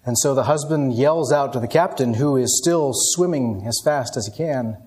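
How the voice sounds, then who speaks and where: A man giving an evening sermon, telling a story dramatically and moving between hushed and raised passages. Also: mid-range voice, normal speed, husky. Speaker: pastor.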